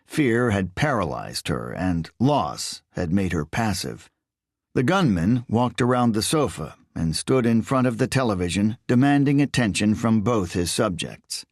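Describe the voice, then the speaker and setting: A man reading a thriller audiobook in measured, expressive scripted narration. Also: on the low side, no echo, studio quality.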